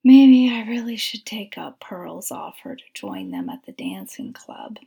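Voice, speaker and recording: A woman reading the lines of a shy, self-conscious young woman in a soft, breathy half-whisper. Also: mid-range voice, huge pitch swings, measured pace, full character voice.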